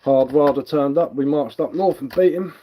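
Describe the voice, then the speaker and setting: A man's voice: a little high, moderate pace, mellow, slight background noise. A man with a London Cockney accent and a touch of Sussex, chatting casually on a livestream while he carves wood, rambling a little and answering viewer comments. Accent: London Cockney with some Sussex. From England. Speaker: livestreaming bushcraft woodcarver.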